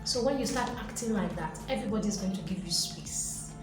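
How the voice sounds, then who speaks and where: A woman giving an animated motivational talk who lectures her viewers and acts out little voices. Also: medium pitch, fairly quick. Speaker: motivational vlogger. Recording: very echoey room, faint music behind.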